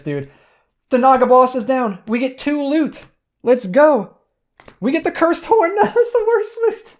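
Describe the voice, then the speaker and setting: A young man hosting a board game channel, narrating a solo tabletop playthrough with excited commentary and calling his viewers "dudes". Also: high voice.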